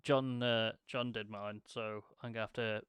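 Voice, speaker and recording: A man's voice: on the low side, fairly even intonation, normal speed, a bit bright, clear, resonant tone, no room sound. A man co-hosting a casual podcast chat over whiskey, sweary and joking as he rambles off the cuff. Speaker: podcast co-host. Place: home studio streaming live.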